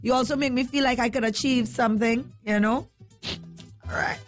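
A woman with a Trinidadian accent hosts a casual morning radio chat. Her voice sits a little high, and she talks in an excitable, emotional way with plenty of laughter. Faint music plays underneath. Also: a little fast. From Trinidad and Tobago. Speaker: radio show host.

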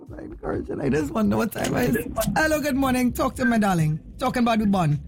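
A woman's voice: fairly high pitch, normal speed, vocal fry, music in the background. A woman hosting a radio call-in show, teasing callers and telling her own stories in casual chat. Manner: playful, teasing, storytelling.

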